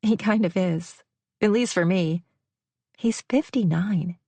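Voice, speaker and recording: A woman's voice: mid-range voice, slow, warm tone, no room sound. A woman voicing a polite, earnest young woman who speaks shyly. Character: young woman, polite, shy, runaway bride.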